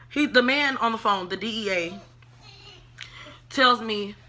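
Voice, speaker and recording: A woman tells a long storytime to her viewers in a bright, crisp voice. She keeps it loose and chatty, swearing freely. When she quotes herself she slips into hushed whispers. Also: a little high, takes it slowly, slight background noise. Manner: animated, swings into whispers when quoting herself; profane, chatty, addresses viewers as y'all. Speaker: vlogger telling a story. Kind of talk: casual storytime.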